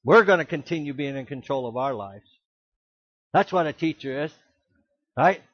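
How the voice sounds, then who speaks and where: A man preaching a sermon as pastor, emphatic, with rhetorical questions and sudden loud exclamations. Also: fairly high pitch, lively intonation, moderate pace, no room sound, muffled recording.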